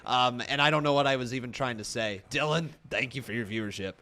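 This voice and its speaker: A man's voice: medium pitch, fast, sharp tone. A man casually reacting to wrestling on a live stream, reading chat messages aloud and rambling with frequent laughs. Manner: joking, laughs often.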